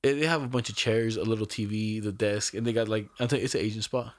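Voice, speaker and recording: A man's voice: lowish voice, fairly even intonation, fast talker, no room sound. A young man hosting a casual podcast, telling a story in a rambling, slangy and profane way with lots of fillers. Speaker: podcast host.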